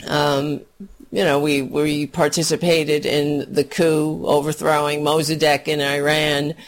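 Slow, hoarse woman ranting about politics. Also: deep voice, level tone. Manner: profane, scornful, laughs often. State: hoarse, clearing throat. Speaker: political commentator. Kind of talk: livestream political rant.

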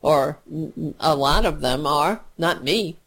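A woman's voice: sits low, measured pace. A woman hosting a political talk show as a fill-in, ranting with profanity and sarcasm. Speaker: radio talk show host, filling in.

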